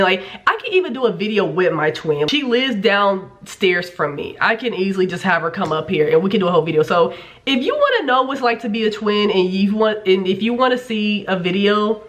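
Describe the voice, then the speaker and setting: A woman's voice: medium pitch, fairly bright tone. A young woman telling a story to camera in a casual vlog, chatty, swearing freely and saying "like" a lot. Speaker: vlogger.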